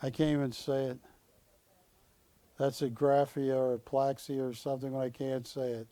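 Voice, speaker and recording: A man runs a live on-air auction in a TV studio for a shopping channel, cracking jokes, begging viewers to bid, and raising his calls of "going once, going twice." His mellow, medium-pitched voice barely moves in pitch, at normal speed with no echo.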